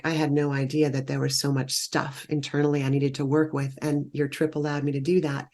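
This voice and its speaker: A woman with a low voice tells stories of guiding small groups on treks. She speaks in a relaxed, conversational way and lifts her voice when she acts out what people said. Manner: animated, warm storytelling that lifts into quoted exclamations. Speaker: guest, meditation retreat leader. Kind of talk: conversational storytelling.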